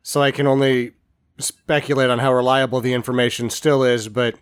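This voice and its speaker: A man's voice: medium pitch, flat delivery, brisk, clear, resonant tone, no room sound. Wry man, dry close sound. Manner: dry, wry remarks with swearing. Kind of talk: casual movie chat.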